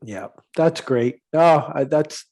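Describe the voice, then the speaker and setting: A man from Canada hosting a podcast interview, encouraging and quick to praise his guest. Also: on the high side, expressive, darkish tone. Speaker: podcast host. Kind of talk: interview chat.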